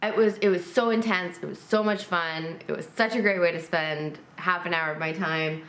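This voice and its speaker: A woman's voice: fairly low pitch, steady tone, moderate pace, a bit bright. Brief: woman, casual teasing chat, room echo around her voice, light background hiss. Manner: teasing, laughing, plainspoken. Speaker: host's partner and co-player.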